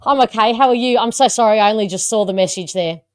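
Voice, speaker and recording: Brief: female live-show host, a bit high, dry close sound, playful and chatty. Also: fast talker, clean tone, dry recording. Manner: chatty, teasing, laughs often. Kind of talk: live-stream casual chat.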